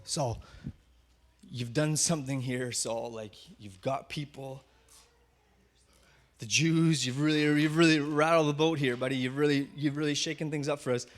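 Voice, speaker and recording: A man voicing a worried friend who urgently and quietly warns someone to leave town. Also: steady tone, moderate pace, close to an everyday voice. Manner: low, urgent, confiding. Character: worried male friend giving a warning.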